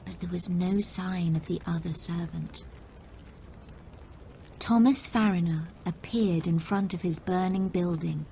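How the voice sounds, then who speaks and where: A woman narrating a story for English learners, reading slowly and carefully. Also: on the low side, steady tone, mellow, a little hiss or hum. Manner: slow, careful, clear reading.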